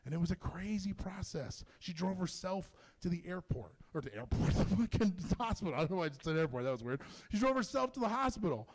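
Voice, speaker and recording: A man performing a stand-up comedy set in a comedy club, telling stories in an animated, profane way. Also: high voice, fast talker, few pauses.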